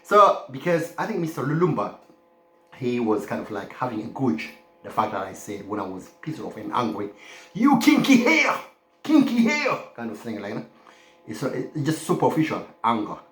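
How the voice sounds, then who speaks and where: A man's voice: lowish voice, animated, a little fast, a bit bright. A man from the Horn of Africa talking in a loose, rambling monologue, forever adding "my friend" and "okay?". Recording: roomy echo.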